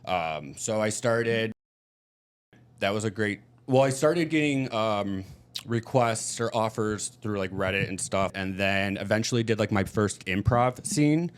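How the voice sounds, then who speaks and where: A man's voice: on the low side, animated, unhurried, clean tone. A man from Michigan, telling stories candidly as a podcast guest. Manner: candid, chatty storytelling. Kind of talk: casual chat.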